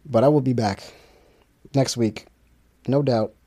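With a warm, medium-pitched voice and a somewhat slow delivery, an independent musician chats alone to his podcast audience. His talk meanders, with restarted sentences and gaps filled by fillers.

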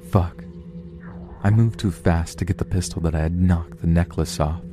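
A man narrating a horror story in a slow, grave storytelling manner, with music behind. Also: deep voice.

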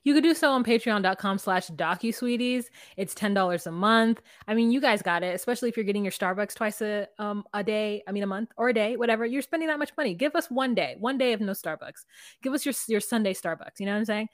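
A woman's voice: medium pitch, fast, no echo, studio quality. A woman co-hosting a podcast, recapping reality TV in casual chat and acting out quotes with animation. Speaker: podcast co-host.

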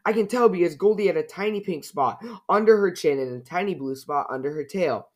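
A man voicing a young girl bear from a storybook, speaking in a high, pleading voice. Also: normal speed, a little mellow, close to an everyday voice. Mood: upset. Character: young girl bear, devoted to her goldfish.

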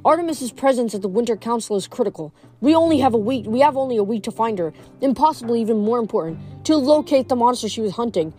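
A woman voicing a calm, wise old male centaur who speaks in a measured way. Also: on the high side, soft background music. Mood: grave calm.

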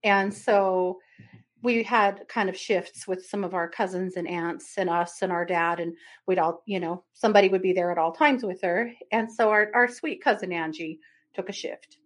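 A woman co-hosts a casual podcast chat and tells a family story at length. She laughs often and acts out what each person said. Her voice sits at an ordinary mid pitch. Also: steady tone, moderate pace. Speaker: podcast co-host.

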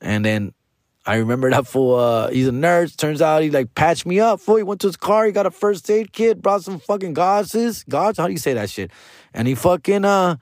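A man's voice: a little high, animated, moderate pace, no echo, clean studio sound. A man, a stand-up comedian hosting his podcast, telling a story in loose, profane slang and calling listeners fool and dog. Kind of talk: casual storytelling monologue.

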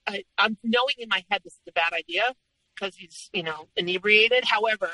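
A woman's voice: medium pitch, a little fast, pushed and bright, poor audio. A young adult woman telling her own story as a podcast guest, earnest and recounting past events in the present tense. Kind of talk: personal story told in conversation.

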